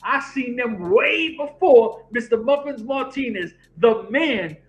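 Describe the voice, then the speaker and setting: A man's voice: very high voice, takes it slowly, lo-fi sound. A man co-hosting a wrestling podcast, telling stories in casual chat, swearing freely and acting out what his friends said. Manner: animated storyteller, swears freely, acts out quoted friends. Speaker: podcast co-host.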